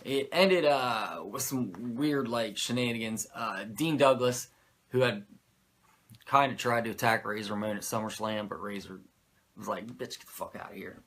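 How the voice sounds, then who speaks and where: A man reviews an old wrestling episode in casual, rambling commentary, swearing freely, going off on tangents, and mocking himself. His lowish voice is fairly bright and a little slow, with slight background noise.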